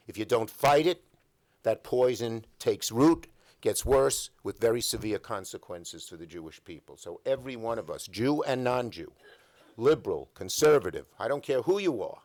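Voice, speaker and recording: A man's voice: fairly low pitch, darkish tone. An older man, an elected official, giving an emphatic speech at a breakfast event, telling stories and stacking up repeated phrases at a podium microphone.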